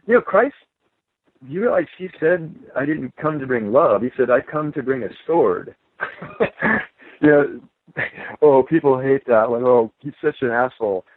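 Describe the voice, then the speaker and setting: A man's voice: medium pitch, no room sound. A man, a guest author, talking emphatically in a podcast conversation, laughing between his points. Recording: tinny phone line.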